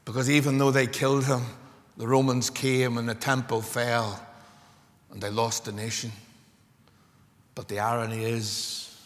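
A man's voice: medium pitch, little pitch movement, measured pace, long pauses, long reverb tail. A man preaching a sermon with passion, building to emphatic peaks. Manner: impassioned, building to emphatic climaxes.

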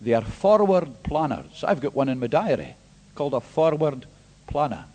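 A man pastor preaching an emphatic sermon, swinging between hushed and loud. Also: mid-range voice, sing-song, moderate pace, breathy edge. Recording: long hall reverb.

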